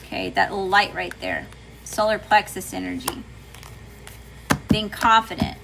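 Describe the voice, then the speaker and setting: A woman's voice: mid-range voice, steady tone, unhurried, gravelly, background noise. A chatty woman with a Southern US accent, doing a casual livestream tarot reading and greeting her chat. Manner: chatty, folksy, says y'all often.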